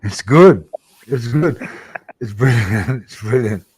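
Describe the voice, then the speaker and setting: A man co-hosting a casual livestream from a computer mic on a video call, loud and sweary, laughing often as he tells stories. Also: medium pitch, lively intonation, slow, slightly rough, no echo. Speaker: livestream co-host.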